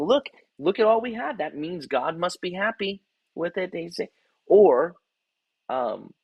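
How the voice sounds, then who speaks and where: A man's voice: medium pitch, husky, no echo, lo-fi sound. A man, a rabbi, giving a devotional Bible teaching, reading verses and explaining them phrase by phrase. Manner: explains scripture line by line, reading and paraphrasing verses.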